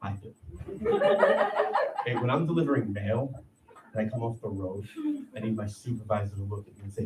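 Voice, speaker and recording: A man in his thirties doing a profane, animated stand-up set on a comedy club stage. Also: on the low side, moderate pace, pauses often. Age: 30s. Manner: profane, animated, acts out voices. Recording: echoey room, heard from a distance. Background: audience laughter and room noise.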